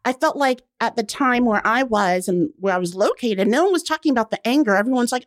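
A woman around forty, a guest on a casual radio interview, telling stories with lively acted-out quotes. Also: fairly high pitch, fast, hardly any pauses, no echo, clean studio sound. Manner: animated storyteller, acts out quotes. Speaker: guest, blogger.

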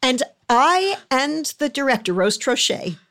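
A woman guest telling stories in a casual chat, thoughtful and halting. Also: high voice, big pitch swings, a bit bright. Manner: thoughtful, halting, restarts phrases. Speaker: guest, series creator.

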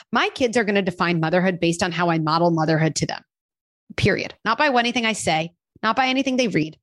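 A woman on a podcast talking about parenting and self-care in a casual, animated way, with lots of fillers. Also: mid-range voice, dry recording. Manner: animated, uses many fillers and acted quotes. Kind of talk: casual conversational advice.

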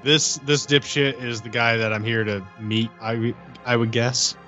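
A man playing a tabletop game, relaxed and chuckling. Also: mid-range voice, normal speed, dull audio, soft background music. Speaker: player. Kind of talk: casual tabletop play.

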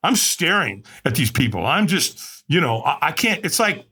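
A man's voice: big pitch swings, moderate pace, sharp tone, husky. A man telling his story as a podcast guest, acting out quotes with big dramatic swings. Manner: dramatic, acts out quotes with big pitch jumps. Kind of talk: animated storytelling.

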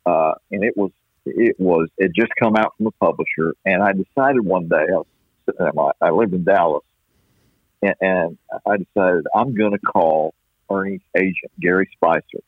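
A man from East Texas, a baseball play-by-play announcer, telling stories in a folksy, unhurried way with many restarts, heard over a phone line. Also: low-pitched, no echo. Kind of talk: storytelling interview chat. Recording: dry tinny phone-line sound.

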